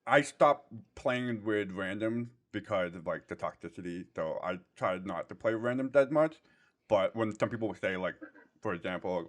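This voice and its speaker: A man guest telling a story in casual chat, getting louder and more excited as he retells it. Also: on the low side, moderate pace. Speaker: guest streamer.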